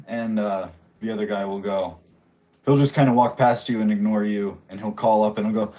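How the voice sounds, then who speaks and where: A man's voice: fairly low pitch, fairly even intonation, normal speed, dark tone. A man narrating as game master in a loose, laid-back way. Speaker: dungeon master.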